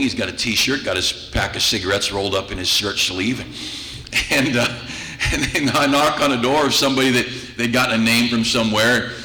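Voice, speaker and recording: Pastor, man, bright and forceful, humorous storytelling sermon, roomy church sound. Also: medium pitch. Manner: humorous, chuckles through anecdotes. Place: church sanctuary. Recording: echoey church room with faint noise.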